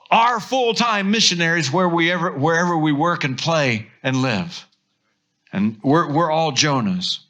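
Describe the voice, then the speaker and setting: A pastor with an American accent preaching a sermon, telling stories with lively acted-out quotes. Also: male voice, a little high. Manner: animated storytelling, acts out quotes.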